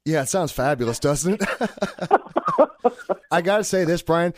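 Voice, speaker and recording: A man's voice: a little high, animated, normal speed, dry recording. A man hosting a sports podcast, chatting in an easygoing, joking way. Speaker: podcast host. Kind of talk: casual podcast chat.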